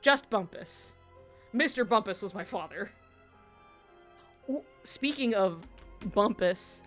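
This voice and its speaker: A woman streamer chats while she plays, giggling often as she tells animated stories. Her pitch sits in the middle of the range. Faint game music plays under her voice. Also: takes it slowly, long pauses. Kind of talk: casual chat while playing a video game.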